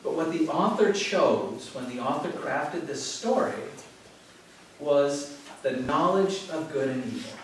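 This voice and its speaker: A man giving a relaxed, conversational spiritual talk to a yoga class, telling stories and chuckling often. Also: a little high, a little slow. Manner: conversational, storytelling with frequent chuckles. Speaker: teacher. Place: yoga studio. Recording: very echoey room from far off, faint noise.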